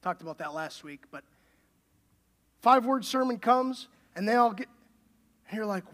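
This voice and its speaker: A man's voice: extremely high pitch, sing-song, normal speed, fairly bright tone. Man preaching with emphatic questions. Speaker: pastor. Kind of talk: sermon.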